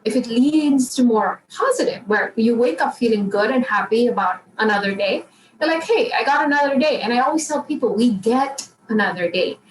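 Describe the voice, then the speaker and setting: A woman emotional intelligence coach answering interview questions in a calm, encouraging way and repeating affirmations. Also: on the high side, moderate pace. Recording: roomy, distant mic, faint background noise.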